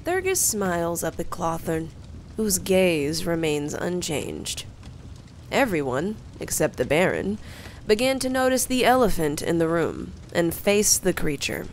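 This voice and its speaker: A woman tells a tabletop adventure in a slow, storybook manner with a lively, rising and falling voice. Her tone is a touch low and gravelly, with a faint hiss behind it. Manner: slow, expressive telling with character voices. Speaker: game master narrator. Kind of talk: storybook narration of a tabletop game.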